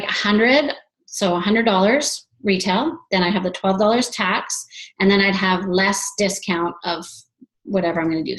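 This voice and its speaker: A woman's voice: mid-range voice, low-quality recording. Chatty woman coaching her team. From Canada. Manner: chatty, ends points with "right?". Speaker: sales team leader. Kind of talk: casual team training talk.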